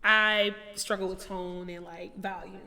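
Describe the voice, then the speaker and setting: A woman hosting a podcast, talking in a frank, slangy and animated way. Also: mid-range voice, a little slow. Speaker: podcast host. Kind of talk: casual podcast chat. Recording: room with long reverb.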